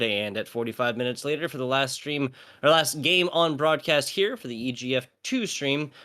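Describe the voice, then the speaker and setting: A man's voice: on the high side, bright, forceful tone. An American man casting a live esports match, joking and rambling with lots of fillers. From United States. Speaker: esports caster. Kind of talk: live esports play-by-play and banter.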